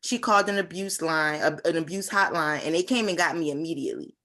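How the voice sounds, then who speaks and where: A woman's voice: sits low, fast talker, fairly bright tone. A woman in her twenties giving an earnest, heartfelt personal testimony at a conference over a video call, with frequent fillers. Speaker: conference speaker.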